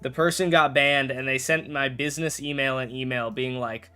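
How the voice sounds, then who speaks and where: Steady, bright and forceful, this young man's mid-range voice is clear and resonant, running at normal speed with hardly any pauses over soft background music. He casually chats on a gaming livestream, rambling, self-correcting and joking with viewers.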